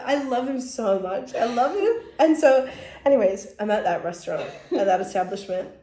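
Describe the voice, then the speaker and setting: A woman's voice: fairly high pitch, animated, normal speed, mellow. A young woman co-hosting a podcast, chatting casually and telling stories with lots of giggles. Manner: giggly, emotional storyteller. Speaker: podcast co-host. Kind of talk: casual chat. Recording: echoey room.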